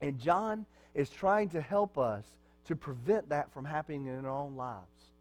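High-voiced man preaching a sermon. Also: a little slow, soft background music. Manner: conversational preaching with rhetorical questions to the congregation. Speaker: pastor.

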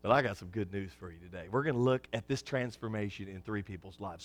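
A pastor preaching a sermon, folksy and joking with the congregation, swinging from hushed lows to excited shouts. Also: male voice, quick pace, few pauses, no room sound.

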